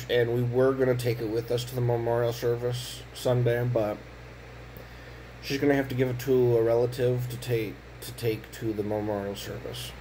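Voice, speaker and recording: A worn-out young father speaks in a home vlog, his pitch sitting in the middle of the range. He sounds weary and frustrated and often stumbles over repeated words. A faint hiss runs under his voice. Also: mellow, poor audio. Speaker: vlogger, father. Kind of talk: casual home vlog talk.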